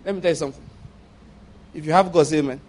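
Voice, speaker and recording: High-voiced Nigerian preacher. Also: male voice, rapid-fire, background noise. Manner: animated storytelling, acting out voices with laughter. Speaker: pastor. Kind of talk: sermon with storytelling. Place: church.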